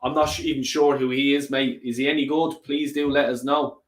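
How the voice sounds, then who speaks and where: A man hosting a football fan live stream, reading viewer comments in a lively, sweary way. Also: medium pitch, brisk, roomy sound. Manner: animated and sweary, rants and laughs often. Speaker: football fan channel host.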